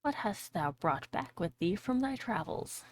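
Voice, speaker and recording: A woman's voice: mid-range voice, animated, unhurried. A woman voicing a grumpy, grasping old tailor father in a storybook reading, stern and old-fashioned in speech.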